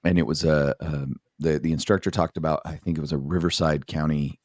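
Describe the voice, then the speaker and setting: A man's voice: a bass voice, fairly even intonation, brisk, darkish tone, no room sound, clean studio sound. A middle-aged man, a former police sergeant, telling blunt, profane stories from the job in a casual podcast chat.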